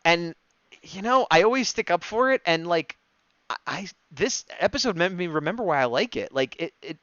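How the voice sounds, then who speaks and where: A man co-hosting a fan discussion show, excitedly rambling through an episode recap and acting out quoted lines. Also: high-pitched, normal speed, clean tone, dry recording. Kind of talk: casual recap chat, livestream. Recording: dull, dry, lo-fi stream mic.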